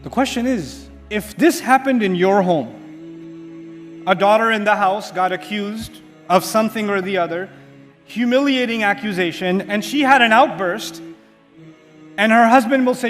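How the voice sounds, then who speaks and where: A man giving an Islamic lecture, telling a story with dramatic pauses and asking the audience rhetorical questions that he then answers himself. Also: very high voice, a bit bright. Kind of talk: religious lecture. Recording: hall reverb with faint music.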